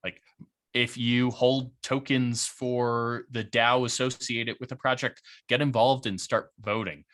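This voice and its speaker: Bright-voiced man in casual chat. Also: mid-range voice, measured pace. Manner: relaxed, chatty, many fillers and likes. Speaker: guest, head of strategy at a crypto firm. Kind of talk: casual podcast interview.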